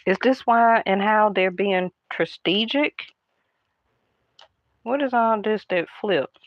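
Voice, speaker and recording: Slow, hushed woman tarot reader. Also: medium pitch, dull audio, a little hiss or hum. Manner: hushed, half-whispering, chatty aside asides. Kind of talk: casual tarot card reading.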